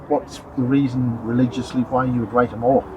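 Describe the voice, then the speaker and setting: A man's voice: mid-range voice, little pitch movement, fairly quick, muffled recording, a loud crowd. A man with an Irish accent, interviewing a guest with brief, probing follow-up questions.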